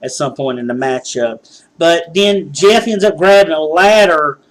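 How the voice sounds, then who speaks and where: A man's voice: a little high, unhurried. Rambling man recapping wrestling. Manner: rambling, many fillers and restarts. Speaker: wrestling results show host. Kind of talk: casual recap commentary.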